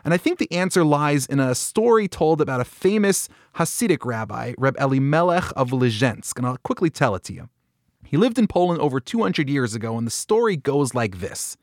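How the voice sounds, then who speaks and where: A man hosting a podcast, telling a Bible story in an animated way and acting out the quoted lines. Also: mid-range voice, a little fast, no room sound, studio quality. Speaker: podcast host. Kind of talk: storytelling talk on a Bible passage.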